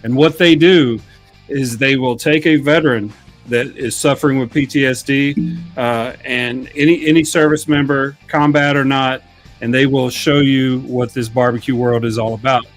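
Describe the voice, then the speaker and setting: A man's voice: mid-range voice, steady tone, normal speed, faint music behind. A veteran man on a live show, talking in an earnest, heartfelt way while stretching to fill time. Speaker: veteran guest and regular of the show. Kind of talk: casual live-show chat.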